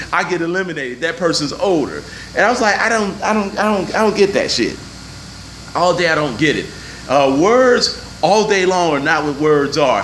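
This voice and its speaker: A man's voice: on the high side, fairly bright tone, a little hiss or hum, low-quality recording. A man in his forties delivering a profane, emphatic opinion rant, mocking the people he quotes. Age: 40s. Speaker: vlogger.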